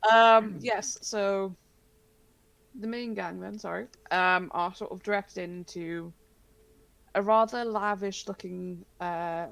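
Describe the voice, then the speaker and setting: A woman runs a tabletop horror game as game master, talking slowly with lots of fillers. Her voice carries a gravelly fry, and she laughs along with her players. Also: fairly low pitch, a bit bright. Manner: halting, many fillers, laughs often.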